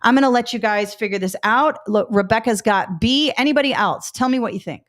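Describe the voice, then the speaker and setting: A middle-aged woman teaching a live test-prep webinar, upbeat and coaching, talking through examples out loud. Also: a little high, a little fast.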